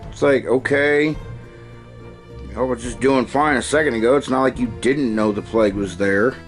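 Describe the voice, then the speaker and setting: A man's voice: mid-range voice, moderate pace, faint music behind. A man giving a casual, sarcastic and profane film review, retelling scenes.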